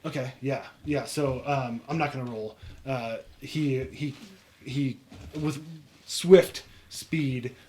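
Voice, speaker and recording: Halting male game master. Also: mid-range voice, a little mellow. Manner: halting, many fillers and restarts. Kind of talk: narrating a tabletop game.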